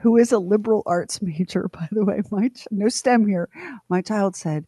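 A woman's voice: mid-range voice, moderate pace, no room sound, studio quality. A middle-aged woman co-hosting a radio show, telling a comic family story and acting out everyone's lines. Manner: animated, acts out family members' lines. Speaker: radio co-host.

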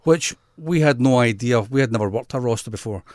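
A middle-aged man with a Scottish accent, a photographer telling his story as a guest in a relaxed chat. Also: mid-range voice, a little fast, dry recording, studio quality. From Scotland. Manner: chatty, self-deprecating storyteller. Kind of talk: casual interview chat.

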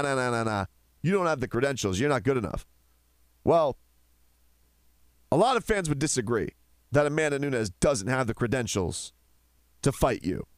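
A man's voice: a little high, dry recording, clean studio sound. A man hosting a chat show, ranting with passion and firing off rhetorical questions. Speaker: podcast host. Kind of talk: opinionated casual chat.

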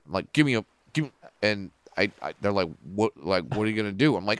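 A man who is a comedian and a podcast guest, telling stories in a casual, profane and animated way. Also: on the low side, fast talker, smooth, no room sound.

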